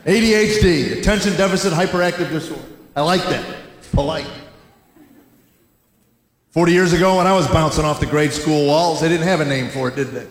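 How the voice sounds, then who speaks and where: High-voiced comic in a roomy hall. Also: male voice, fairly quick, a little hiss or hum. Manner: folksy, wry storytelling with rhetorical questions. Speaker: stand-up comedian. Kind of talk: stand-up comedy routine. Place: large hall with a laughing audience. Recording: roomy live hall recording. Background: audience laughter.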